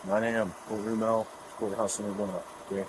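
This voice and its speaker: A man working as a police officer, calmly and plainly explaining tickets and a court date to a driver at the roadside. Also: on the low side, fairly quick. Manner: matter-of-fact, businesslike. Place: roadside outdoors. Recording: noisy outdoor body camera audio.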